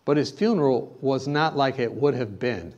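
A man's voice: mid-range voice, normal speed, a little mellow, highs cut off. A man preaching a sermon, telling a personal story and then urging his listeners with emphatic exhortation. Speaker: pastor.

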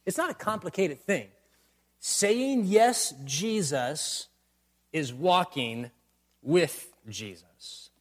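A man's voice: high voice, animated, slow pace. A man preaching a sermon, building to emphatic bursts and repeating refrains. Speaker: pastor.

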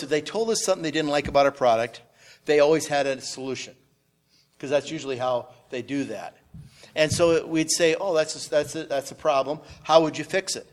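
Man, middle-aged, somewhat high pitch, rambling storyteller, lots of fillers. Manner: rambling, repeats words, many "and, uh" fillers. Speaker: business owner sharing testimony. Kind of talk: storytelling on a panel.

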